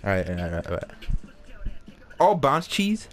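A man giving casual, excitable commentary while playing a basketball video game, swearing and trash-talking. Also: lowish voice, normal speed. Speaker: gameplay commentator.

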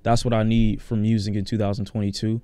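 Blunt, excitable male music reviewer. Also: lowish voice, fast talker, clear, resonant tone, no room sound. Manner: excited, blunt, swears freely, repeats words while thinking. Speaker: music reviewer reacting to an album. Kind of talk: casual reaction commentary.

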